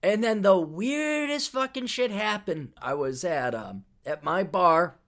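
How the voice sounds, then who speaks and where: A man talking on his podcast in a rambling, foul-mouthed way, drifting off on tangents and circling back to them. His pitch swings widely, rising and falling all through the telling, which keeps it animated. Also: a little slow. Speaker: podcast host. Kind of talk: casual storytelling monologue.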